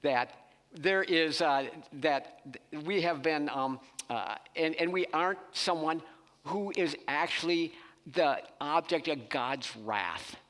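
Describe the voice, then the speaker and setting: A man preaching a sermon as pastor in a church worship center, speaking slowly and emphatically. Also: fairly high pitch, big-room sound. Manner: expressive, slow and emphatic delivery. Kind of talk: sermon with scripture reading.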